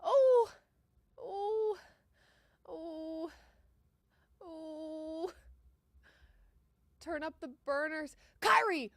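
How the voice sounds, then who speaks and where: A woman's voice: high-pitched, animated, drawn-out words, pauses often, fairly bright tone, no room sound, studio quality. A young adult woman hosting a live sports reaction stream, emotional and pleading as a bet goes wrong. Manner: emotional, groaning and pleading over a losing bet. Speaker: sports betting show host. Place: sports studio. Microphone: studio microphone.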